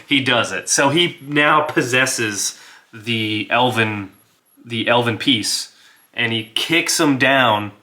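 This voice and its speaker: Man, solo tabletop narrator, relaxed, unhurried, bright tone. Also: mid-range voice. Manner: relaxed, laughs, talks to himself about rolls. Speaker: game master and player.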